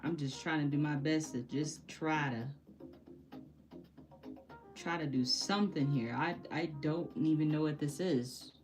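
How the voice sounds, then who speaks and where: Low-voiced young woman rambling slowly while painting, laughs at herself, light music in back. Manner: frustrated, self-deprecating, laughs often. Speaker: painting vlogger. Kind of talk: casual chat while painting. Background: soft background music.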